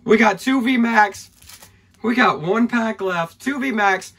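A man opening trading card packs on camera, excitable and hyped, thinking aloud as he goes and losing his voice. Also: high-pitched, slow pace, husky. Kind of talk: excited pack-opening vlog.

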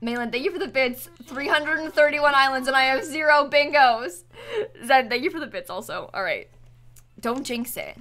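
A woman's voice: high-pitched, normal speed, sharp tone. A young woman streaming a game, chatting casually and thanking viewers by name. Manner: chatty, reads chat names and thanks viewers. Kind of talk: casual live-stream chat. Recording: music playing under the voice.

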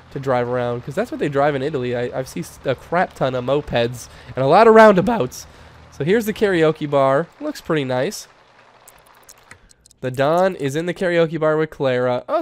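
A young man giving playful, excitable commentary while playing a life-sim game, laughing often. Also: on the high side. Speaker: gaming YouTuber. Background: faint game music.

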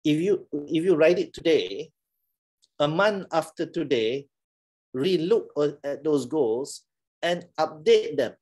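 A man's voice: on the high side, animated, slow, darkish tone. A middle-aged man with a Malaysian English accent, giving a playful, teasing classroom talk and laughing often. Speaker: lecturer.

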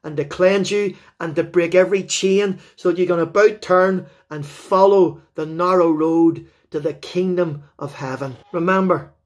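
A man's voice: high voice, fairly even intonation, normal speed, few pauses. A man with a Northern Irish accent preaching an evangelistic sermon, pressing the congregation with fervent, repeated questions. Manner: fervent, repetitive appeals to the listener.

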